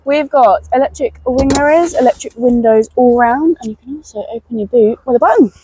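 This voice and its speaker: A woman's voice: on the high side, a little fast, warm tone, slight background noise, low-quality recording. A woman co-hosting a casual car walkaround, giving brief, dry replies. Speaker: co-host.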